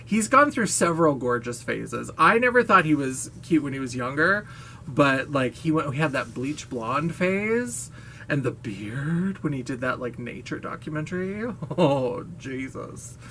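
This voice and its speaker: A woman's voice: low voice, very animated, a little slow, fairly bright tone, slight background noise. A woman vlogger talking casually to camera, gushing, playful and frank, with the odd swear word and laugh.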